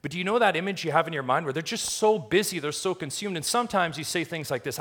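A man preaching a sermon, emphatic and full of rhetorical questions, swinging between quiet stretches and loud, rising lines. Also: a little high, animated, quick pace. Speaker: pastor.

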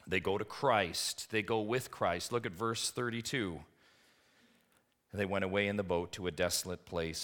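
Pastor, male, low-pitched, earnest sermon delivery with rhetorical questions and soft drops. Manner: earnest preaching, rising to emphatic peaks then dropping soft; asks the congregation rhetorical questions.

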